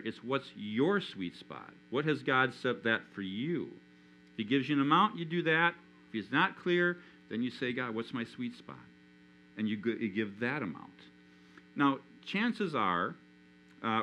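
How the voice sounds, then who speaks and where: Lively, animated man preaching. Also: mid-range voice, slight background noise, low-quality recording. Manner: animated, acts out inner voices of his listeners. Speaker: pastor. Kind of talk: sermon. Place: church.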